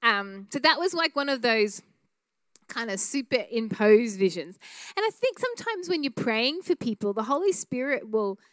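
A woman teaching a church class on prophetic prayer, speaking in an earnest, conversational way with frequent fillers and quick laughs. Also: on the high side, big pitch swings, dry recording.

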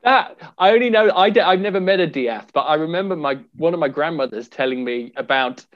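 A man's voice: a little high, lively intonation, a little fast. A man co-hosting a podcast in casual chat, playful and teasing. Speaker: podcast co-host. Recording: dull lo-fi recording.

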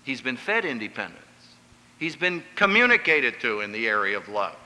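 A man's voice: mid-range voice, big pitch swings, moderate pace, bright, forceful tone, in a large hall, poor audio. A man from Pennsylvania giving an emphatic, story-filled talk on family life, acting out the voices he quotes. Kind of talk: sermon-style lecture with stories.

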